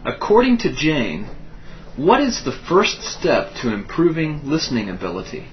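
A man's voice: fairly high pitch, huge pitch swings, normal speed, slight background noise. A man speaking his lines in a scripted textbook dialogue, asking questions expressively. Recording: dull tape playback.

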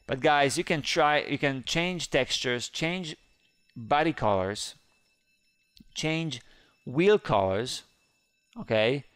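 A man giving excited, playful game commentary who squeals up high whenever he panics. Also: slow pace, pauses often, smooth, dry recording. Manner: squeals high when panicked, playful kid-friendly banter. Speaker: gaming YouTuber.

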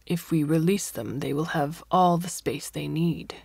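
A woman's voice: sits low, unhurried, vocal fry, a little mellow, breathy edge, dry recording, studio quality, exaggerated voice. A woman voicing a blunt, alarmed male scientist. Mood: urgent.

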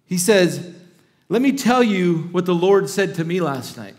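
A man's voice: high voice, lively intonation, unhurried, darkish tone. A middle-aged male pastor preaching a sermon, reading scripture aloud with dramatic emphasis and breaking into casual asides.

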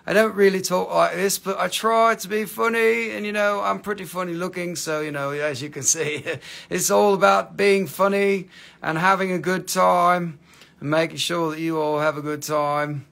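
A man's voice: high-pitched, moderate pace, vocal fry, a bit bright. A man with an Appalachian accent hosting a casual livestream to sell minerals, joking around and rambling with lots of "you know". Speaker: livestream host selling minerals.

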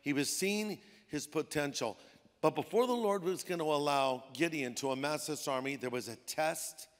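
A pastor preaching a sermon in a relaxed, conversational way, slipping into playful voices for the people in his stories. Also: a little high, moderate pace. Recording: long hall reverb.

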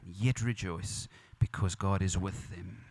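A man's voice: sits low, fairly even intonation, a little slow, a little mellow, husky. A man preaching at a funeral as pastor, earnest and repetitive, building emphasis. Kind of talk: funeral sermon. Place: church or funeral venue.

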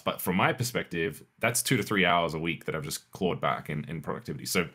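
Deep-voiced man chatting tech. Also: expressive, fairly quick, pushed and bright, slightly rough. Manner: conversational, many restarts, laughs often. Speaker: podcast co-host. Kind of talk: casual tech chat.

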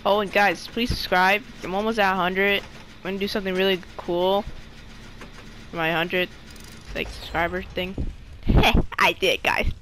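A young woman giving casual gameplay commentary to her viewers, excitable and easily frustrated. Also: medium pitch, moderate pace, slight background noise, low-quality recording. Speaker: gaming channel creator.

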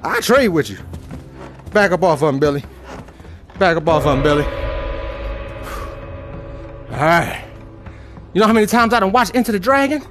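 A man giving live commentary while playing a VR fighting game. He trash-talks his opponent, lets out loud whoops and makes chatty asides to viewers. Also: high-pitched, animated, moderate pace, long pauses, music in the background.

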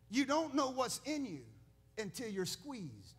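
Male pastor, high pitch, storytelling sermon that climbs to shouted emphasis. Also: wildly swooping pitch, measured pace, breathy edge. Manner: storytelling with laughs, rising to loud preaching.

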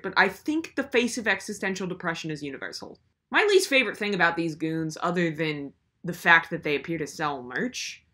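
Brief: young woman, comedic video host, sarcastic exasperated rant, very animated pitch. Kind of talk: comedic commentary.

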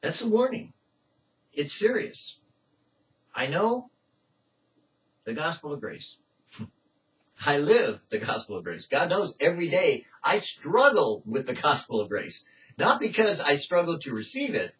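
A man preaching a sermon with passion, swinging from loud cries to hushed pleading in a church. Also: on the high side, very animated, unhurried, long pauses. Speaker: pastor. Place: church sanctuary. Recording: distant, muffled church recording.

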